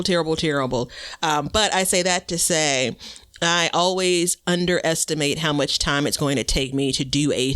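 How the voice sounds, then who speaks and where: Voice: mid-range voice, a bit bright, clear, resonant tone, no room sound, clean studio sound. A podcast co-host chatting casually about gardening, rambling and self-deprecating with lots of fillers.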